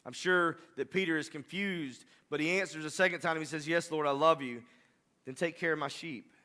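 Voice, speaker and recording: A man's voice: fairly high pitch, normal speed, pushed and bright. A man preaching a sermon, rising to impassioned, emphatic delivery. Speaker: pastor.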